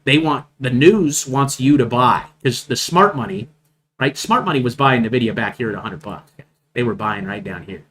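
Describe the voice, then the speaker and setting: A man's voice: medium pitch, fairly bright tone. A man hosting a live market stream, talking over charts in an emphatic, repetitive way and checking in with "right?" constantly. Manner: emphatic, repeats points, asks "right?" often. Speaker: trading stream host.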